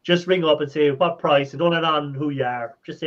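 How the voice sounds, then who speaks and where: A man's voice: mid-range voice, steady tone, quick pace. A man chatting easily in a casual talk, laughing often. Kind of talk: casual chat. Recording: dull lo-fi sound.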